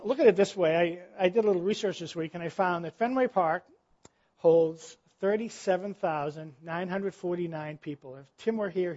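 A man's voice: high voice, a little mellow, dull audio. A man preaching a sermon in a conversational style, full of rhetorical questions. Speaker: pastor.

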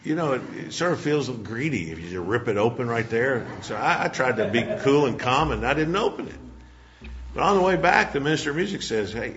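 A man's voice: medium pitch, expressive, a little fast, crowd noise. A man preaching a sermon, telling a folksy personal story and closing in prayer. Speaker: pastor. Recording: dull lo-fi sermon recording.

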